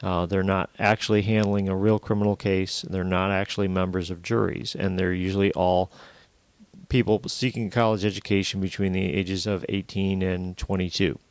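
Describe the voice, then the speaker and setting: A man with a lowish voice delivers a recorded university lecture, explaining things plainly and patiently with the odd "uh" and "um". The sound is close and dry, with no room around it. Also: little pitch movement, moderate pace, dry recording. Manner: plain explanatory, with frequent fillers.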